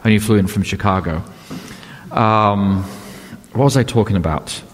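A man's voice: fairly low pitch, moderate pace. An older man preaching a sermon as a pastor, telling stories and asking rhetorical questions in a conversational way. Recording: long hall reverb.

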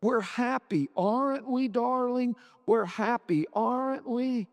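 A man voicing a distraught, anxious housewife in a dramatic story reading, pleading and pitched up. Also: slow pace, big-room sound, full character voice.

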